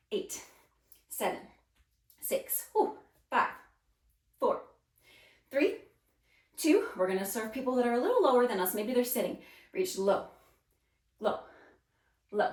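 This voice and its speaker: A woman's voice: a little high, darkish tone. A woman leading a follow-along ballet arm workout, counting beats and cueing moves in an encouraging, upbeat way. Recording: roomy sound, mic set at a distance.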